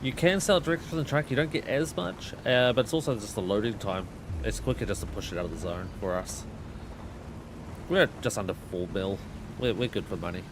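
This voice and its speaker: A man's voice: on the low side, a little fast. A man hosting a gaming stream, chatting casually and explaining things with lots of fillers. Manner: relaxed, rambling explanations with fillers. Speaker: streamer and host. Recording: noisy game stream audio.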